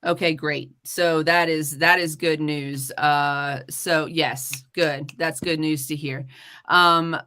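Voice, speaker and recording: A woman host on a live stream talks fast and heatedly, cursing freely as she vents. Her voice sits a little low but sounds bright and edgy. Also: fairly even intonation. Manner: heated, swearing rant. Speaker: podcast host. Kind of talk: live-stream talk show.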